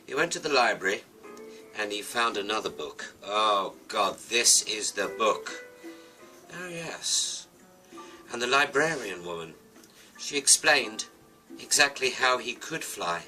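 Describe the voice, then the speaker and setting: A man telling an absurd comic story playfully, swinging between hushed asides and loud exclamations. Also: fairly low pitch, expressive, unhurried, faint music behind, rough recording.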